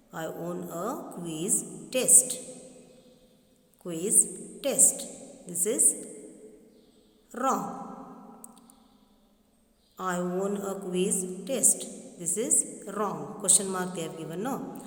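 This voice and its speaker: A woman teacher with an Indian English accent, giving a revision lesson to young pupils and repeating each phrase slowly, as if dictating. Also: fairly low pitch. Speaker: primary school English teacher. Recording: echoey room, long reverb.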